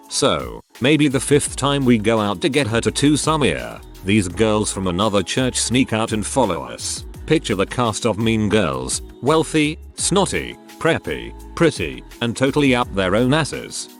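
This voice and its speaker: A man reading online stories aloud as the regular narrator, in scripted storytelling narration. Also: on the low side.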